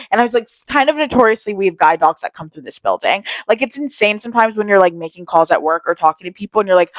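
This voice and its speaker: A woman's voice: medium pitch, lively intonation, very fast, few pauses, no room sound, rough recording. A young woman in casual vlog chat, telling candid stories about her day and swearing freely. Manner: chatty storytelling, candid and swearing. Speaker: vlogger.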